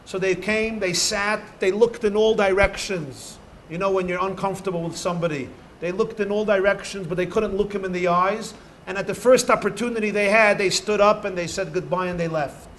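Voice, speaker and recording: Man, rabbi telling stories to kids, high voice, animated, faint hum behind. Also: a little fast. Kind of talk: storytelling talk to children.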